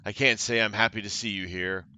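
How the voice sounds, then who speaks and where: A man's voice: fairly low pitch, steady tone, brisk, bright, forceful tone, smooth. A man voicing a cruel, taunting female cult leader while reading game dialogue aloud, with mocking theatrical delivery.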